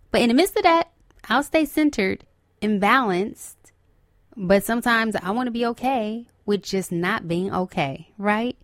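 A woman's voice: medium pitch, no echo, clean studio sound. A woman hosting her own podcast, chatting alone in an emotional, earnest way and repeating phrases for emphasis. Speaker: podcast host. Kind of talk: solo casual chat.

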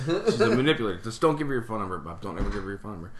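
A man's voice: lowish voice, expressive, fast talker, noisy background. A man co-hosting a podcast, telling family stories in casual chat, swearing freely and laughing often. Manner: profane, laughing, mimics relatives in quoted voices. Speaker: podcast co-host. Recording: echoey room.

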